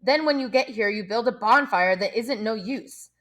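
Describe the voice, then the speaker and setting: A woman's voice: on the high side, normal speed, a bit bright, lightly acted. A woman reading aloud, voicing an indignant, anxious schoolboy who scolds the others breathlessly.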